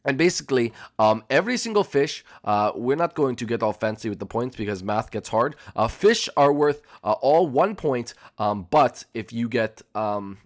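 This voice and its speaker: A young man runs a playful Minecraft roleplay at a mid-range pitch. His voice moves lively up and down, and he fills his chatter with ums and uhs. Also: normal speed, hardly any pauses. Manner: playful, chatty, many fillers. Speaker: roleplay channel host.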